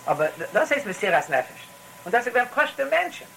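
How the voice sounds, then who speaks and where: A man's voice: very high-pitched, sing-song, quick pace, creaky, sharp tone, a little hiss or hum, rough recording. A man with giving a rambling, storytelling Torah talk, full of restarts and phrases. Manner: rambling, repetitive restarts, mixes in Yiddish phrases.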